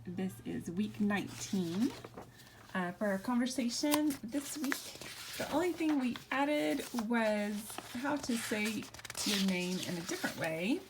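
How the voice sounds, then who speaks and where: A woman's voice: fairly high pitch, lively intonation, measured pace, noisy background. A middle-aged woman teaching a recorded language lesson, explaining step by step and asking herself questions as she goes. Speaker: Spanish teacher.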